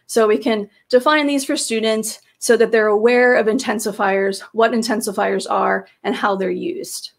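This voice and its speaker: A woman's voice: fairly high pitch, steady tone, normal speed, gravelly, hardly any pauses. Woman walking teachers through slides. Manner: explanatory, with frequent fillers and restarts. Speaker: teacher trainer presenting a webinar.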